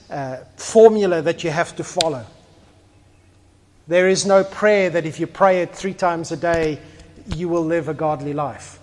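A man preaching a sermon as pastor, animated, acting out little scenes and swinging between quiet and loud. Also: a little high, measured pace, big-room sound. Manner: animated, acts out little scenes with shifting volume.

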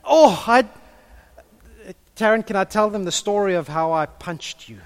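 A man's voice: high-pitched, measured pace, smooth. A man preaching a sermon, telling stories and chatting with the congregation. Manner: storytelling, animated, chatty with the congregation. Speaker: pastor.

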